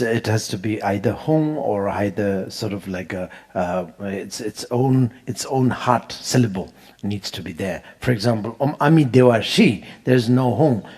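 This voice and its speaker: A man, teaching how to pronounce mantras in an unhurried, laughing way, chanting them as he goes. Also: mid-range voice, expressive, darkish tone. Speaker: Buddhist teacher. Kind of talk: dharma teaching on mantra pronunciation.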